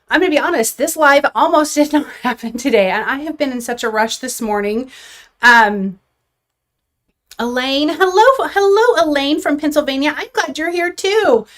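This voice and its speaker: Woman, craft livestream host, somewhat high pitch, rambling and chatty, corrects herself often. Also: a bit bright. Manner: chatty and friendly, greets viewers by name; rambling asides and self-corrections. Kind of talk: casual live-stream chat and craft demo.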